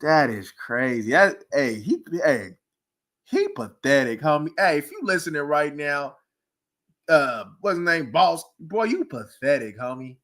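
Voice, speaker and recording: A man, ranting casually about football, animated and mocking, often breaking into laughs and loud outbursts. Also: on the high side, a little slow. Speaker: sports commentator. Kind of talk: casual sports rant. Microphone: streaming mic.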